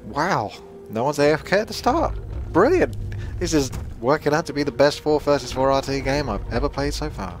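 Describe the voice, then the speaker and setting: A man's voice: normal speed, soft background music. Chatty Essex man commentating a game. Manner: chatty, self-mocking, jumps in pitch when excited. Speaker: gameplay commentator. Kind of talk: casual live game commentary.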